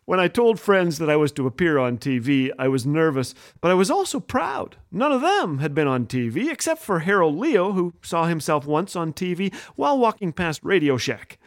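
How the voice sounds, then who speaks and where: Middle-aged male humor host, high and very animated delivery, wry scripted storytelling. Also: moderate pace, hardly any pauses, no echo, clean studio sound.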